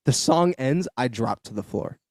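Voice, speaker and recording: A man's voice: medium pitch, lively intonation, normal speed, a little mellow, no room sound, studio quality. Profane young man telling a story. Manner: loose, profane storytelling with many fillers. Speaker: podcast host. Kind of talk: casual storytelling chat. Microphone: studio podcast mic.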